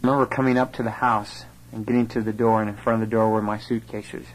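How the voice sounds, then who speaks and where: A man's voice: lowish voice, little pitch movement, quick pace, low-quality recording. A young man giving an earnest personal testimony, telling his story through remembered conversations. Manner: earnest storytelling, quoting others in dialogue.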